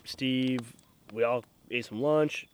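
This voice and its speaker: A man's voice: medium pitch, steady tone, slow, a little hiss or hum. Laid-back man recapping a hunt. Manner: laid-back storytelling, swears casually. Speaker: hunting trip host. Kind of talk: casual recap chat.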